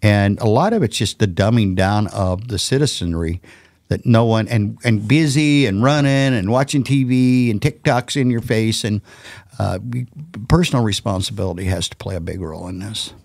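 A man's voice: fairly low pitch, dry recording, studio quality. An older man co-hosting a local talk show, chatting casually with strong opinions and frequent interjections. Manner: animated, opinionated, quick to jump in. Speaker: co-host.

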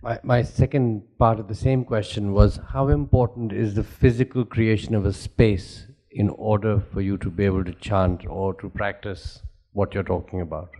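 A man in the audience asking a question in a measured way, heard from across the room. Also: lowish voice, fairly even intonation, warm tone.

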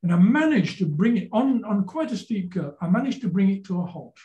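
An older Yorkshire man in his seventies tells stories in a casual interview, with a mellow, dark tone pitched fairly high. He rambles and stumbles over repeated words as he gets to the point. His voice rings in an echoey room. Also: big pitch swings, fairly quick. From Yorkshire, England. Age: 70s. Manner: rambling, repeats words while telling anecdotes. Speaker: guest folk singer-songwriter.

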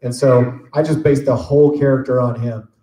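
Joking voice actor on a panel. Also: male voice, medium pitch, moderate pace. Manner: jokey, relaxed, rambling. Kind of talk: casual storytelling Q&A. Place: convention panel room. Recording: echoey convention room.

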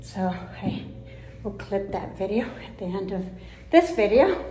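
A woman vlogger talking casually while climbing stairs, out of breath, with frequent pauses and small laughs. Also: mid-range voice, big pitch swings, mellow, reverberant, slight background noise, poor audio. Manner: chatty, pauses often, laughs between phrases. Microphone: handheld camera.

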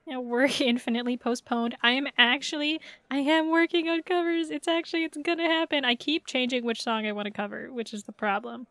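A woman's voice: high voice, level tone, moderate pace, fairly bright tone, dry recording. A woman streaming a video game, chatting casually and playfully, rambling and laughing often. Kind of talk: casual live-stream chat.

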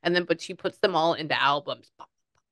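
A chatty woman with a fairly low voice, talking casually and relaying quotes. Her sound is dry and close, with no room around it. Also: quick pace, a bit bright, dry recording. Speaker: psychic medium. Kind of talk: casual reading session.

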